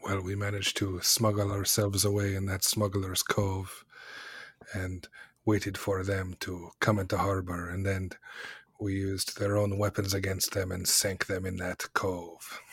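A man's voice: low-pitched, completely flat delivery, unhurried, fairly bright tone, husky, dry recording, studio quality. A man playing in a tabletop game, speaking in character in an earnest, hesitant way. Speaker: player. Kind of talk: tabletop role-play.

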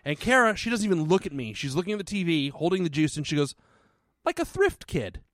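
Animated high-voiced man, profane storytelling. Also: fast talker, no echo, studio quality. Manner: animated, profane storytelling with sudden loud outbursts. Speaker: podcast co-host. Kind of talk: casual comedic recap chat.

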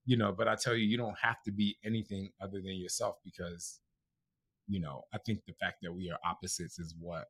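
Guy with a lowish voice, emotional casual chat w his husband, says like a lot, dry close sound. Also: fairly even intonation, brisk, fairly bright tone, husky, no echo. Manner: heartfelt, many "like" fillers, voice cracking with emotion. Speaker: podcast co-host, married to the other speaker.

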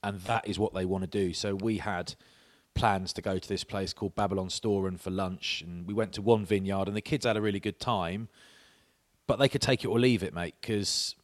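A man's voice: sits low, steady tone, moderate pace. A man, chatting on a podcast and telling stories with laughs and swearing. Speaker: podcast co-host. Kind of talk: casual chat.

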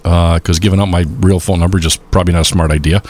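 A man's voice: sits low, fairly even intonation, fast talker, darkish tone. A man hosting a live polka radio show, chatting casually and rambling with lots of filler sounds.

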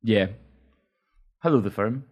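Scottish male podcast host, low voice, dry jokey banter. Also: lively intonation, slow pace, a little mellow. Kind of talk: casual chat.

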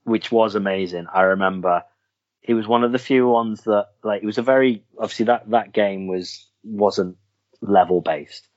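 A podcast host with a lowish, darkish voice rambles casually about films and games at a moderate pace, often restarting his sentences. The recording is dull and lo-fi.

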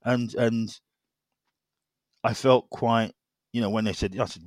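A middle-aged man telling his personal story as an interview guest, halting and repeating words with many fillers. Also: medium pitch, fairly even intonation, darkish tone, dry recording, studio quality.

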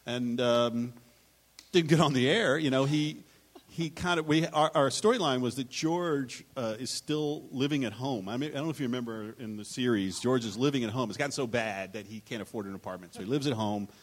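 A man's voice: mid-range voice, brisk. A man on a live writers' panel, telling anecdotes in a rambling, self-interrupting way and acting out quotes.

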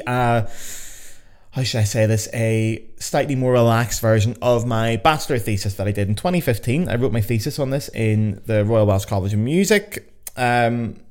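A man's voice: mid-range voice, a little mellow. A man in his thirties with a Belfast accent, hosting a podcast in a chatty, joking, self-mocking way. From Northern Ireland. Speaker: podcast host. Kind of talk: casual podcast chat.

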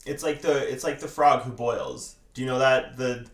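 A woman's voice: rumbling low, normal speed. A young woman co-hosting a podcast, telling stories in a casual chat, acting out quotes and laughing often. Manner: animated storyteller, acts out quotes, laughs a lot. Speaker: podcast co-host. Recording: roomy echo.

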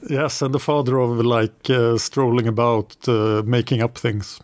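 A man's voice: mid-range voice, flat delivery, measured pace, darkish tone, no room sound. A man co-hosting a casual history podcast, adding short, wry remarks and dry jokes. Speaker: podcast co-host.

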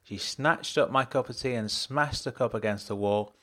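A man's voice: mid-range voice, moderate pace, sharp tone. A man narrating an audiobook in the first person, dry and matter-of-fact.

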